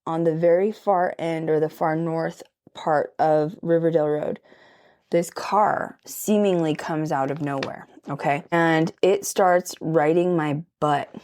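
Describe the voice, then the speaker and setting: A woman's voice: low-pitched, steady tone, measured pace, darkish tone. A young woman vlogger telling a ghost story in a chatty, emphatic way, full of "like" and "okay?" asides. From Colorado. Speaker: paranormal vlogger. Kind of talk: casual storytelling while doing makeup.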